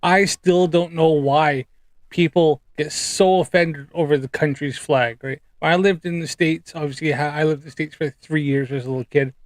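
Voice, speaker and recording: A man chatting casually on a live stream, rambling with many ums and pauses while reacting to clips. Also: fairly high pitch, fairly even intonation, dry recording. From United Kingdom.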